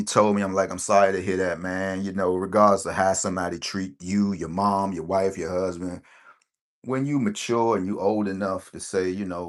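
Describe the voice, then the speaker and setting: A middle-aged man, telling a personal story in a rambling way and often checking in with "right?". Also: low voice. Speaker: lottery channel host. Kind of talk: casual personal storytelling to viewers.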